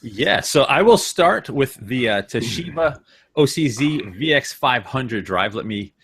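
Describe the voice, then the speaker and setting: A man co-hosting a casual tech webcast over a video call, teasing and relaxed. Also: mid-range voice, measured pace, slightly rough.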